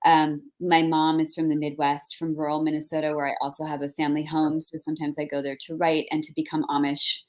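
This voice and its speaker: A woman in her forties from New Jersey, an author telling animated, self-deprecating stories in casual conversation. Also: deep voice, fast talker, few pauses. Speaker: author guest.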